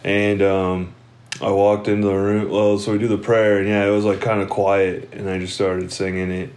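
A man's voice: lowish voice, flat delivery, normal speed, darkish tone. A young man telling stories in casual chat, rambling, laughing often and swearing freely. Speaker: podcast co-host.

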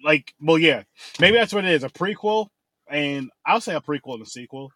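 A man's voice: on the high side, lively intonation, moderate pace, pushed and bright, slight background noise, poor audio. A man hosting a horror movie review podcast in loose, profane casual chat who laughs easily.

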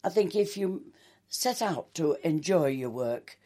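Older woman, mellow voice, chatty reminiscing, acted-out quotes. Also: sits low, expressive, unhurried. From England. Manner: chatty, warm anecdotes with quoted dialogue. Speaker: soap actress. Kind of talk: reminiscing interview.

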